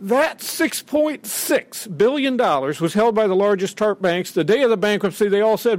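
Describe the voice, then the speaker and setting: His high, expressive voice moves at a moderate pace with few pauses as this middle-aged podium speaker delivers an indignant public speech. He stresses points emphatically and acts out quotes, and the recording has no room sound.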